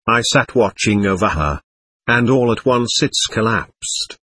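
Bitter, restless young man, snapping and sardonic, read by a male narrator, husky tone. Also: fairly low pitch, expressive, unhurried, pushed and bright, no echo, clean studio sound, full character voice. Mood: bitterly elated. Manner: sardonic, snapping, self-mocking. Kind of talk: audiobook character reading.

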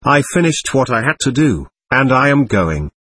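A man's voice: mid-range voice, very animated, moderate pace, a bit bright, dry recording. A man reading a bitter, irritable young man in an audiobook, speaking in a sardonic, snapping way. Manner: sardonic, snapping, self-mocking.

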